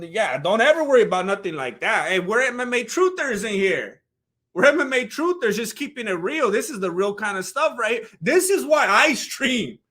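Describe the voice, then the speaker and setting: A man's voice: a little high, sharp tone. A man, chatting casually with his live-stream audience in a heartfelt, rambling way. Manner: heartfelt, rambling, talks straight to chat.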